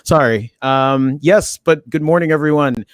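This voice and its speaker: A man co-hosting a casual live tech chat, with a deep morning voice and a rambling way of talking full of restarts and fillers. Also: measured pace, dry recording, studio quality. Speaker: co-host.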